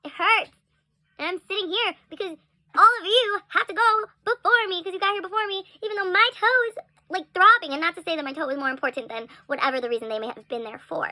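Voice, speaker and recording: Bright, high-voiced chatty young woman. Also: fast talker, no echo. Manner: chatty, animated, frequent "like" and laughs. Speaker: storyteller. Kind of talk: casual storytime vlog.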